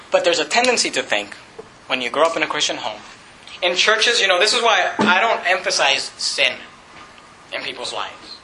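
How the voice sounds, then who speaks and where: A man's voice: fairly high pitch, reverberant, a little hiss or hum, low-quality recording. A male pastor in his thirties preaching a sermon, acting out the characters of a Bible story. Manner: animated, acts out Bible characters' voices. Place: church.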